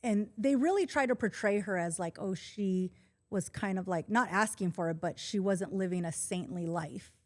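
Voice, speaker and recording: A woman in her forties, a podcast guest, telling a personal story in casual conversation, calm and earnest. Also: mid-range voice, normal speed. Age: 40s.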